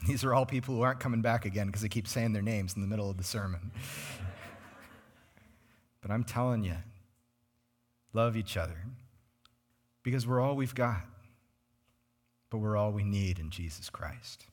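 A man preaching a sermon as a pastor, conversational and animated, speaking to his congregation in a church. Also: lowish voice, unhurried, long pauses. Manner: conversational and animated, names congregants, acts out quoted voices. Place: church sanctuary.

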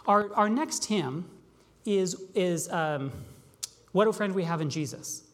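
A pastor preaching a sermon, asking rhetorical questions and slowing down on key phrases. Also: medium pitch, expressive. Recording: long reverb of a large hall.

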